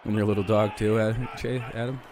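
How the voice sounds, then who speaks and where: A man's voice: lowish voice, flat delivery, fairly quick, a little mellow, a little hiss or hum. Profane young man streaming live. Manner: loose, joking and profane, reacting play by play. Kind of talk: casual live-stream reaction chat.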